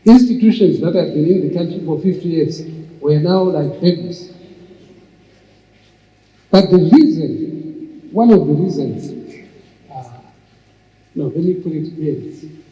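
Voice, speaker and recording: A man's voice: a little high, lively intonation, measured pace, long pauses, mellow. An older man telling long stories to an audience, with many restarts. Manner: anecdotal, with frequent restarts. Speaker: entrepreneur and speaker. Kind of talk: storytelling talk. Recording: muffled, echoey hall.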